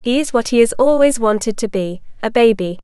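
A woman reading the part of a calm, self-assured woman who answers in a matter-of-fact way. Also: on the high side, moderate pace, smooth, no echo, studio quality, close to an everyday voice.

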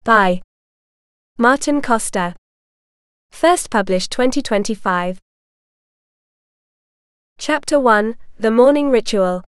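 Clear, dry audiobook narration by a woman. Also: a little high, dry recording. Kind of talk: scripted narration.

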